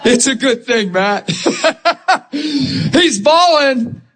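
A man who is a Christian minister, telling stories in an animated chat, emphatic and often laughing as he talks. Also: very high-pitched, drawn-out words.

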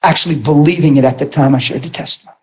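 A man preaching a sermon and telling his testimony in an animated storytelling manner, bursting into shouts at times. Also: on the high side, rapid-fire.

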